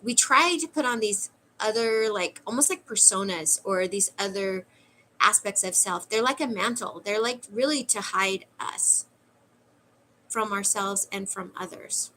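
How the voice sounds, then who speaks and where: A woman's voice: mid-range voice, measured pace, pushed and bright, slight background noise, poor audio. A middle-aged woman giving a channeled spiritual talk in a musing way, with frequent "like" fillers. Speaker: spiritual reader.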